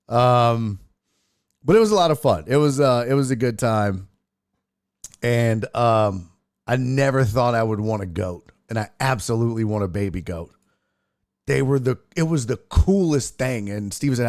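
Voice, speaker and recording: A man's voice: medium pitch, animated, moderate pace, a little mellow, no room sound, clean studio sound. A man hosting a casual sports and entertainment livestream, telling jokey stories and reading viewer chat aloud. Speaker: sports and entertainment show host.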